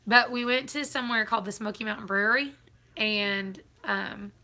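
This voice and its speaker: A woman's voice: mid-range voice, moderate pace, bright, forceful tone. A woman chatting casually on a live stream, laughing often. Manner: chatty, laughs often, Southern turns of phrase.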